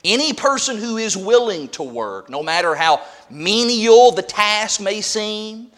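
A man's voice: sits high, very animated, measured pace. A man preaching a sermon who reads scripture aloud and repeats key points with emphasis. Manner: emphatic, repeats scripture references, swings from quiet to loud.

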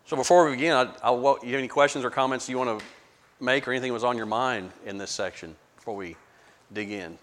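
Male Bible study leader, mid-pitched, conversational, stumbles and repeats words, echoey hall. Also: fast talker, a bit bright. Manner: conversational, repeats words, asks the group questions. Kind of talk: verse-by-verse Bible study teaching.

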